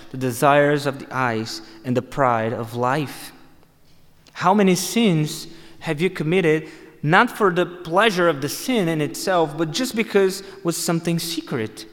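A man preaching a sermon, emphatic and repeating phrases for stress. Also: on the high side. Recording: long hall reverb.

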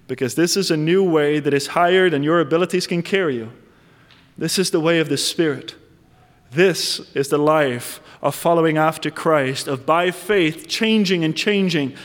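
A male pastor with a high voice preaches slowly and deliberately to his congregation. He stretches out key phrases and lifts his voice for emphasis. Long reverb from a large church hall trails behind every word. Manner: measured preaching, slowing and rising to stress key phrases. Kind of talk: sermon. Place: church sanctuary.

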